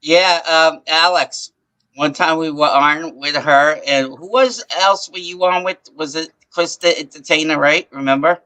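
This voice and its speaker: Male caller, chatty and teasing, higher-pitched, bright. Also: steady tone, measured pace. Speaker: caller on the stream. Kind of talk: casual live-stream chat.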